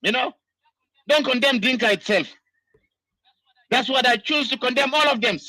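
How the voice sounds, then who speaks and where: At a moderate pace, a South Sudanese diaspora political commentator rants and scolds in a heated monologue, his voice very high and piercingly bright. "You know" comes up again and again, and the recording has no room echo whatsoever.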